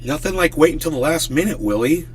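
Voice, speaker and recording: A man's voice: a little high, expressive, fast talker, slight background noise. A man hosting a live stream, ranting in a worked-up, swearing, casual way. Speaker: livestream host.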